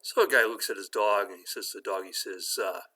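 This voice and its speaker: A man hosting a weekly dad joke video, telling a joke in a casual, lively way with fillers. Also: lowish voice, fairly quick.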